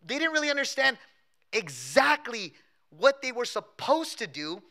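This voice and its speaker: A man's voice: very high voice, very animated, normal speed, bright, forceful tone. A man preaching a sermon as pastor, building with repeated phrases. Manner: preaching with rising intensity and repetition.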